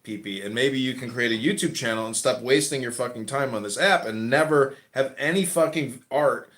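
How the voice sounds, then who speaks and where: A man hosts a loose chat in an online audio room. He rambles from point to point and swears freely, at an even, middling pitch. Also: brisk. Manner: rambling, profane, jumps between topics. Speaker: host.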